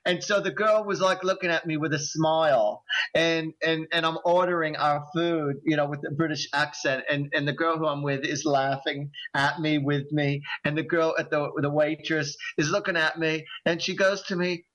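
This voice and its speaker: A man's voice: a little high, steady tone, normal speed, fairly bright tone, rough recording. A man with a New Jersey accent hosting a talk radio show, telling stories in a chatty way and laughing often. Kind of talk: casual radio chat.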